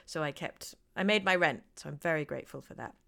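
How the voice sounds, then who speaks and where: A British actress telling candid, wry stories as a guest in a conversational interview. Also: female voice, deep voice, quick pace, creaky, a bit bright.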